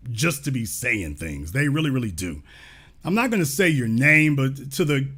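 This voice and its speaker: A man's voice: medium pitch, a bit bright. A man hosting a livestream, giving emphatic, preachy commentary with lots of rhetorical questions. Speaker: livestream show host.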